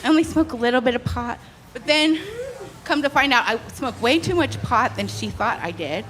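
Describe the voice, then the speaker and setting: Animated high-voiced woman doing stand-up. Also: moderate pace. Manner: animated, acts out quoted voices at a higher pitch. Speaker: stand-up comic. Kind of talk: stand-up routine.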